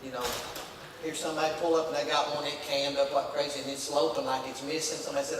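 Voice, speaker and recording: Male pastor, folksy, punchy, booming sanctuary echo, faint room hiss. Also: little pitch movement, fast. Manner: folksy, emphatic preaching with rising shouts. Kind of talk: sermon. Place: church sanctuary. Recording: echoey church hall from far off.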